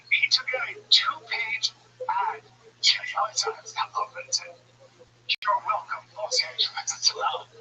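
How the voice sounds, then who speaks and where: A man's voice: very high voice, unhurried, sharp tone, recorded from a distance, a little hiss or hum, low-quality recording. A man hosting a livestream, chatting casually in a rambling, profane way with lots of stammered restarts. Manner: rambling, profane, repeats himself. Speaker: livestream host.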